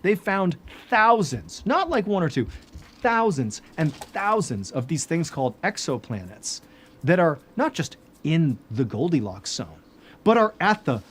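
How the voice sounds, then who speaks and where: Animated casual male storyteller. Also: on the high side, unhurried, a little hiss or hum. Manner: animated, lots of "like" fillers.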